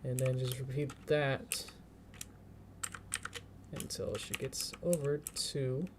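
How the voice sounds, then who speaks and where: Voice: mid-range voice, little pitch movement, slow, noisy background. A streamer talking casually while animating at a computer, thinking aloud step by step, chanting little counts and laughing often.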